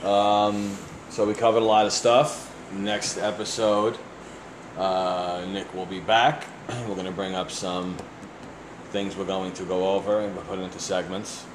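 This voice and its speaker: A man's voice: low-pitched, little pitch movement, measured pace, background noise. Crude joking man in an echoey room. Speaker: podcast co-host. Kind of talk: casual podcast banter.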